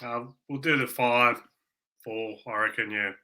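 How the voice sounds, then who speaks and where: An Australian man co-hosting a podcast in casual chat, with a very bright, forceful tone. He rambles in a relaxed, conversational way. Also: medium pitch, unhurried. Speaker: podcast co-host.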